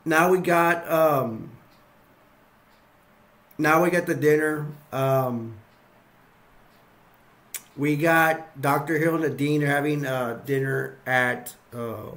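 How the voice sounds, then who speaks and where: A man's voice: a little high, fairly even intonation, takes it slowly, long pauses, a bit bright. A man casually recapping a film's scenes, rambling and repeating himself as he acts bits out. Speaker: movie reviewer.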